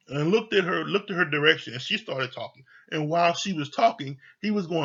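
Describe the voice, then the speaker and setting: A man casually recapping and reviewing a reality TV episode, blunt and animated, swearing freely as he retells the scenes. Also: on the high side, normal speed, creaky, husky, lo-fi sound. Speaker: TV show reviewer.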